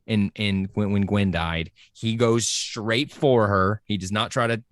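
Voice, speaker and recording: A man chatting excitedly on a podcast, full of enthusiasm and rushing from point to point with many fillers. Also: on the low side, dry recording, clean studio sound. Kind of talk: casual podcast chat.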